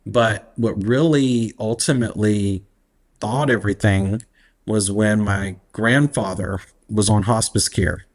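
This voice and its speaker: A man, speaking as an interview guest in a reflective, unhurried way and laughing easily. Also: fairly low pitch, steady tone. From Alabama, US. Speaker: guest, activist. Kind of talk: casual interview conversation.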